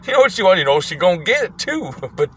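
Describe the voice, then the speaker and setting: A man's voice: high-pitched, big pitch swings, fast, a little hiss or hum, voice pushed up. A man voicing a rowdy old one-eyed man who rants profanely on a bus, growling and preachy. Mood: mocking.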